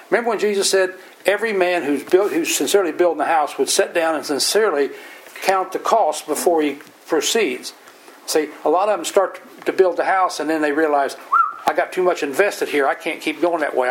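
A man's voice: fairly high pitch, slight background noise, rough recording. A man leading an informal Bible study, telling folksy, plain-spoken stories and explaining scripture verse by verse.

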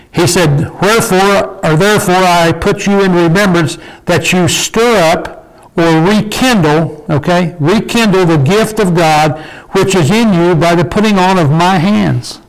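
A man's voice: sits high, measured pace, rough recording. An older man teaching an informal Bible study in a folksy way, often checking in with his listeners. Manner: folksy, asks the group "okay?" and "did we?".

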